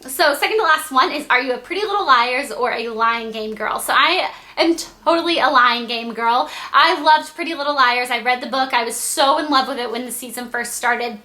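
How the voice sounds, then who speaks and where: A young woman from Georgia chats through viewer questions for her beauty vlog, rambling and filling gaps with "like" and "um." Her voice sits high and sounds bright and sparkly. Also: normal speed. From Georgia, USA. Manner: chatty and rambling, full of "like" and "um". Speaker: beauty YouTuber. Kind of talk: casual Q&A vlog.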